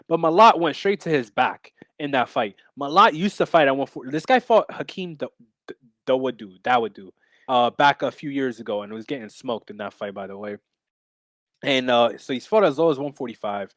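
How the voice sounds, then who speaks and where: Brash, rambling man with a high voice. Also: brisk, dry recording, clean studio sound. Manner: brash, rambling, profane, with lots of fillers. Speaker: podcast co-host and MMA bettor. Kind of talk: casual betting chat.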